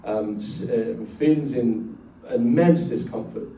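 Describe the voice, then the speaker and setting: A man's voice: medium pitch, takes it slowly, dark tone, a little hiss or hum. A middle-aged man telling an emotional personal story to a group, rambling with many fillers and restarts. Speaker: speaker addressing a company group. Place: large room with a live group. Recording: echoey room, voice picked up from a distance.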